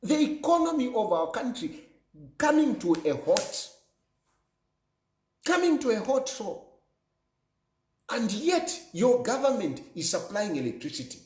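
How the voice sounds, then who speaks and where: A man's voice: very high-pitched, very animated, unhurried, long pauses, darkish tone, echoey room. A Zambian man delivering an emphatic political monologue, repeating phrases for effect in an accusing tone. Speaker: political commentator.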